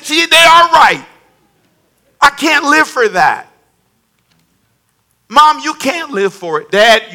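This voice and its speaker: High, bright-voiced pastor preaching. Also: male voice, creaky. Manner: lively preaching with call-and-response to the congregation. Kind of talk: sermon.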